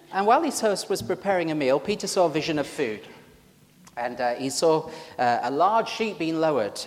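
A man with a Yorkshire accent and a slightly high voice preaches an informal, joking sermon, chatting with his congregation during a church service. There's a long reverb tail, and his manner is chatty and self-deprecating.

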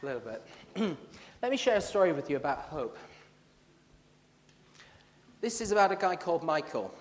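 A man delivers a sermon in a church, his slightly higher voice ringing out into a long reverberant hall. He reads scripture with steady, measured emphasis, pausing to let the lines land. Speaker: preacher. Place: church building.

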